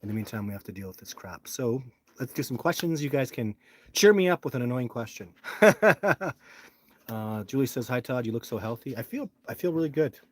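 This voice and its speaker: A man's voice: mid-range voice, expressive, quick pace, darkish tone, dry recording. A man hosting his own live stream, talking casually and complaining in a frustrated, rambling way into a phone held close.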